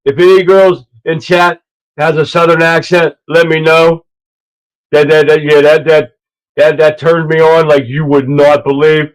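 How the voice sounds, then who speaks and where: A man hosting a casual livestream, talking loudly and rambling between clips, on an earpiece mic. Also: a little high, level tone, unhurried, low-quality recording. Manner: loud, rambling, laughs at his own clips. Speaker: livestream host.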